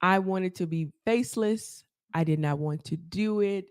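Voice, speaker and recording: A woman, a therapist, telling her story as a podcast guest, animated and laughing often as she acts out quotes. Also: fairly low pitch, a little slow, no room sound, studio quality. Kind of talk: casual storytelling interview.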